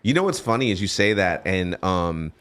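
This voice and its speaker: A man's voice: low voice, big pitch swings, moderate pace, a bit bright. A man in his forties hosting a podcast, talking candidly and rambling with frequent restarts. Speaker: podcast host. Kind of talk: casual podcast chat.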